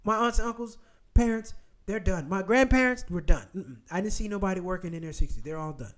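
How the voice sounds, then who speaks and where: Blunt, emphatic male host, higher pitch, repetitive casual commentary. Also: a little fast. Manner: emphatic, repeats phrases, blunt and profane.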